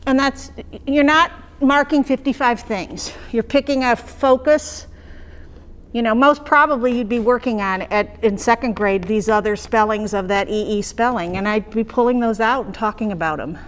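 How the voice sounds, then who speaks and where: A woman with a fairly high voice walks fellow teachers through how she teaches phonics. She talks in a loose, conversational way and checks in often with her listeners. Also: moderate pace. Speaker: teacher trainer. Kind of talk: explaining classroom phonics practice.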